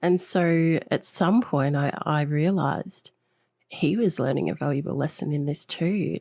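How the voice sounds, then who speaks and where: Low-voiced woman podcast host, reflective. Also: moderate pace, warm tone, no room sound. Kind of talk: conversational interview.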